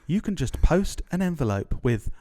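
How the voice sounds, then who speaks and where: A man voicing a folksy advert announcer who pitches a product to elderly people in a chummy, rambling sales patter. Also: very animated, normal speed, mellow, no echo, studio quality.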